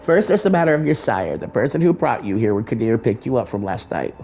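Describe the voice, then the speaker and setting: A man's voice: mid-range voice, big pitch swings, fast, dark tone. A man voicing a commanding female vampire prince in a game, formal and imperious. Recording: faint music behind.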